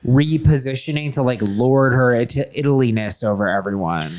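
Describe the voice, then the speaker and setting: A man's voice: medium pitch, moderate pace, darkish tone. A man hosting a podcast who reads a listener's story aloud with playful, jokey asides, then chats casually. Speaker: podcast host.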